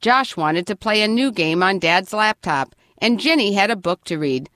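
A woman narrating a children's storybook in an expressive, lively reading voice. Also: medium pitch, normal speed, no echo, studio quality.

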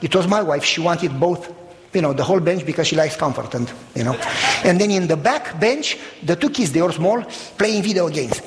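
A man preaching a sermon in an animated storytelling manner, exclaiming and acting out voices. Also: sits high. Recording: long reverb of a hall.

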